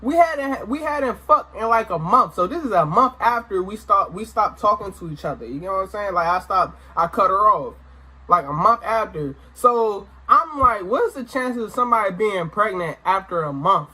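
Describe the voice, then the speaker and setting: High, bright-voiced young man telling a story. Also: normal speed, breathy edge. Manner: animated, swearing slang-heavy storytelling with exclamations. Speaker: storytime vlogger. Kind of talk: casual storytelling to camera. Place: indoor room, sit-down recording.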